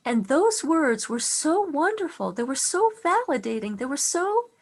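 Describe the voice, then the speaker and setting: A middle-aged woman giving a talk on faith. She tells stories earnestly and softens to a hush on tender lines. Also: sits high, sing-song, measured pace. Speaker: speaker on faith.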